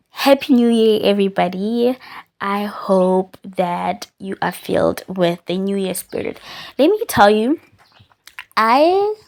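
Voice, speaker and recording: A woman's voice: medium pitch, creaky, darkish tone. A young woman hosts her own podcast, talking casually and candidly from her bed while chewing gum. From South Africa. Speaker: podcast host. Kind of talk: casual reflective monologue. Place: lying on a bed at home.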